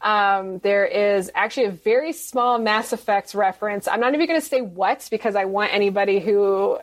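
A woman's voice: mid-range voice, normal speed. A woman author chats on a podcast in a middle-range voice. She rambles, restarts her sentences and laughs often. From United States. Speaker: guest author. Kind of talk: casual podcast interview.

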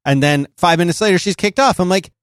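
Easygoing man, mid-pitched, dry mic. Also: fast, dry recording. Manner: easygoing, laughs often, tells anecdotes. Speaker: podcast co-host. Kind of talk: casual chat, reads a sponsor spot.

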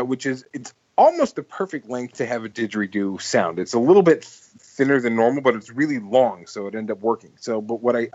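A man rambles through a story on a casual podcast, restarting his sentences often. His voice sits at an ordinary pitch and sounds dry and close. The sound is a little dull. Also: no echo. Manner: rambling, full of "like" and restarts, laughs while telling stories. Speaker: podcast host.

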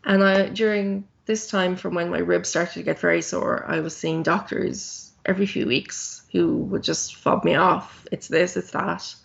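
A woman's voice: lowish voice, steady tone, measured pace, creaky, few pauses, muffled recording. A woman in her thirties, a podcast guest telling her own story in a candid, plain-spoken way with frequent ums.

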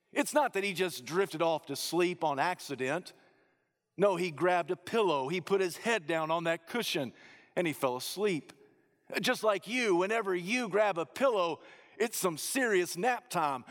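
A man preaching a sermon, rising to loud emphatic peaks and dropping to low, hushed phrases. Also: long reverb tail.

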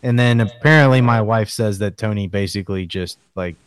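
A man's voice: fairly low pitch, brisk, clean tone. A man hosting a casual podcast chat, teasing his co-hosts with dry humor. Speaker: podcast host.

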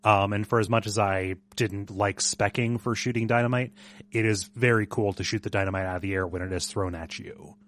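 A man's voice: lowish voice, fairly even intonation, brisk, fairly bright tone. Dry-witted man on a game podcast. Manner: dry wit, corrects and teases his co-host. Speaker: podcast co-host. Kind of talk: casual game discussion.

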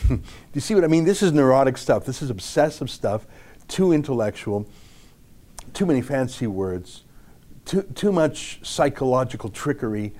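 A middle-aged man giving opinion commentary, reading an essay aloud slowly and emphatically. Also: mid-range voice, sing-song, warm tone. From Canada. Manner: emphatic, slow deliberate reading. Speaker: political commentator.

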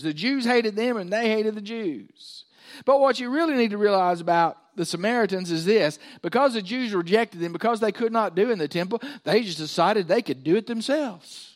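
A man preaching a sermon, telling stories and acting out the voices of people in them. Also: high-pitched. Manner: animated storytelling, acting out voices.

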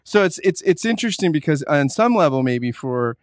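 Halting, thoughtful male interviewer. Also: on the high side, very animated, dry recording, clean studio sound. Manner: thoughtful, halting, with many restarts. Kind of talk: conversational interview.

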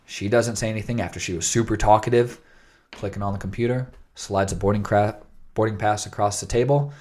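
A man's voice: lowish voice, steady tone, fairly quick, a little mellow. A man co-hosting a podcast, chatting casually and acting out quoted dialogue as he tells a story. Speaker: podcast co-host.

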